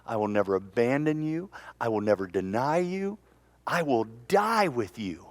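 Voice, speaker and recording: A man preaching plays the apostle Peter, speaking his vows and denials low and hushed. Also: big pitch swings, moderate pace, no echo, close to an everyday voice. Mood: earnest vow. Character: the apostle Peter, grown man, earnest then fearful.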